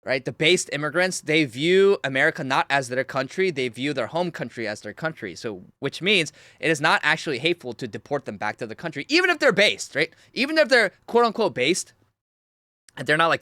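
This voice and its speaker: A young man hosting a livestream, reacting to clips in an animated, mocking way, talking to his chat and laughing often. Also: fairly high pitch, no echo. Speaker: livestream host.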